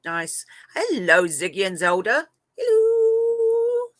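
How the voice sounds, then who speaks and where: Pitch swoops wildly in this high, slow voice, recorded with no room sound. The speaker is a middle-aged English live-stream host and moderator with a mix of northern and southern accents, chatting casually, laughing often and talking to pet cats.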